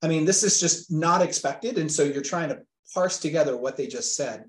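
A man's voice: on the high side, moderate pace. A man in his forties, a father being interviewed, retelling a frightening phone call earnestly and vividly. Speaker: guest, a father telling of a scam call. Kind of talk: interview storytelling. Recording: echoey room sound.

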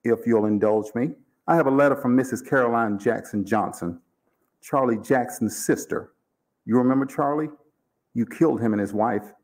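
Male reader as a courteous, cold-blooded undertaker; measured, formal, mid-pitched. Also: darkish tone, lightly acted. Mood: cool menace. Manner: measured, formal, coolly amused. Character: calm, cold-blooded older male mortician, polite and menacing.

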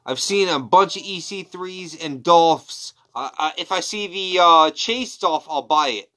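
A wrestling figure collector chats casually at home on his couch during an unboxing, his voice on the high side, unhurried, pushed and bright. He rambles and tosses in crude, jokey asides.

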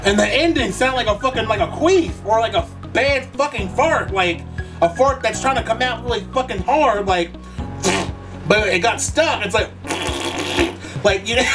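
A man's voice: high-pitched, far from the mic. A man reacting to a pop song in a vlog, gushing, campy and profane, with sudden shrieks. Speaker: music reaction youtuber. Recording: loud song playing behind, voice a bit off-mic. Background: pop song playing.

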